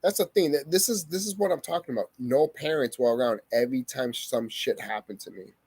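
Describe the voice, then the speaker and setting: A man's voice: medium pitch, brisk, darkish tone, husky, no room sound. A young man vlogging a heated personal story, swearing often and repeating himself for emphasis. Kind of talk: emotional personal storytelling to camera.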